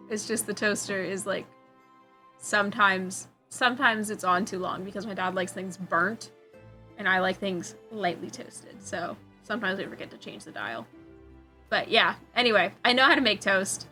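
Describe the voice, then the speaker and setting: A young woman streamer chatting casually while crocheting, telling a rambling story, swearing freely and getting animated when she quotes people. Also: mid-range voice.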